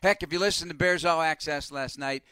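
A man's voice: a little high, a little fast, clean tone, no echo. Upbeat man calling in to radio. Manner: energetic, chatty, laughs easily. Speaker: radio play-by-play announcer, guest. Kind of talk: casual radio phone-in chat. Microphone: phone hotline.

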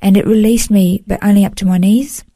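Earnest woman, mellow voice. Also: medium pitch, steady tone, brisk, breathy edge, no room sound. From Australia. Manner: earnest, heartfelt, peppered with "you know". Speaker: guest sharing a personal testimony. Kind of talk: emotional first-person storytelling.

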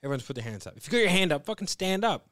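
Sweary guy ranting about a sales pitch, dry close sound, bursts up loud. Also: racing, no room sound. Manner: blunt and sweary, animated retelling. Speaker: podcast co-host. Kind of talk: casual chat.

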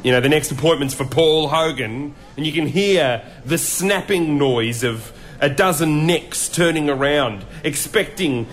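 A man with an Australian accent hosting a breakfast radio show, doing a mock stand-up warm-up in joking banter. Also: on the high side, a little slow. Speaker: radio host. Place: radio studio.

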